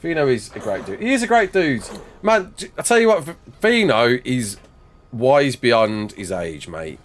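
Mid-range in pitch with big swings, this young English streamer talks at a moderate pace, and a little hiss or hum comes through. He's gaming live on a desk mic with face cam, chatting casually and reading out comments from viewers before responding.

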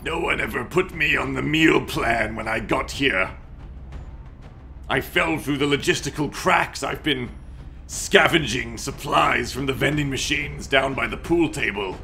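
Bright-voiced man joking through a game stream. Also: mid-range voice, measured pace, gravelly, soft background music. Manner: joking, profane, riffing on chat messages; reads chat aloud. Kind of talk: casual gameplay commentary.

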